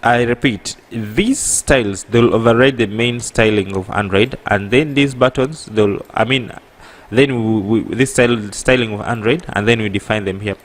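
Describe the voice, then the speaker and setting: A man with an East African accent teaching an app coding tutorial, halting and correcting himself, often pausing with a rhetorical "what?". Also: medium pitch. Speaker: programming tutor. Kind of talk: screen-recorded coding tutorial.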